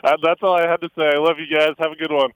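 A man's voice: fairly high pitch, flat delivery, very fast, clean tone, no echo, lo-fi sound. Teasing man from Utah on radio. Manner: teasing, stammers a bit. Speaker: caller or colleague chiming in. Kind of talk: casual radio banter.

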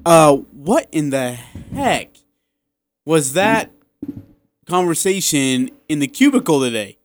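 A tired man co-hosting a casual sports talk radio show in a studio, telling stories in an animated way. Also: on the high side, takes it slowly, slight background noise. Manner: animated storyteller who acts out dialogue. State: tired, running low on energy. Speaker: radio co-host.

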